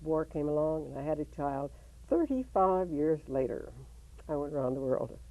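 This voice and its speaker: A woman's voice: low-pitched, expressive, moderate pace, mellow. A woman in her eighties, a folk singer, singing old union songs and chatting about her life in an interview. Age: 80s. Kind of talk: unaccompanied folk singing and casual interview talk. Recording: tinny phone-like band with guitar music.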